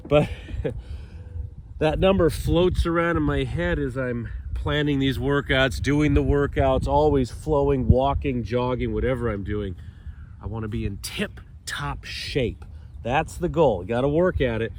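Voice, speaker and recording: A man in his fifties leading a morning stretch outdoors, upbeat and jokey, a little stuffy and clearing his throat now and then. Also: mid-range voice, a little slow, a little mellow, a little hiss or hum. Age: 50s. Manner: upbeat, jokey, cues movements while doing them. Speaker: fitness coach. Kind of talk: guided stretching instruction. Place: outdoors on a mat on grass.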